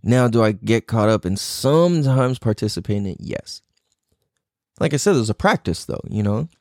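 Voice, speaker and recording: A man's voice: mid-range voice, expressive, normal speed, darkish tone, no echo, studio quality. A man talking in a casual, reflective monologue, loose and profane, full of "like" and "you know".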